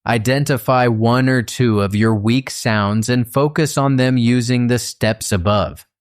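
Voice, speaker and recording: Man, narrator, unhurried delivery, mid-pitched voice, scripted lesson reading. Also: fairly even intonation, clean tone. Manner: slow, measured, explanatory.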